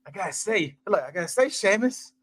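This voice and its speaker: Guy on a movie podcast, high voice, super animated, joking and repeating himself. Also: fairly quick. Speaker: podcast co-host. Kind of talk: casual movie-review banter.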